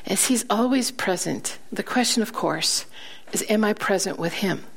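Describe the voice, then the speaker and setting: A woman preaching a sermon, telling stories with laughter between points, slowing down for emphasis and dropping to a soft, quiet voice. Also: medium pitch, expressive, gravelly, slightly rough. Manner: slows down for emphasis, then drops to a soft, quiet voice. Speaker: guest preacher.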